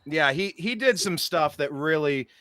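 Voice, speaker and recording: A male talk show host in casual political chat, speaking in an animated, exasperated way with mocking asides. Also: on the high side, a little slow, no echo, studio quality.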